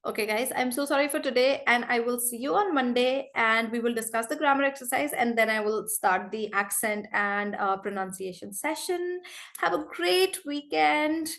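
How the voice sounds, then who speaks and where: Female online English teacher, fairly high voice, chatty, apologetic, unwell. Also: moderate pace, fairly bright tone. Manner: chatty, apologetic, repeats phrases. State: unwell, feverish. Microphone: video call.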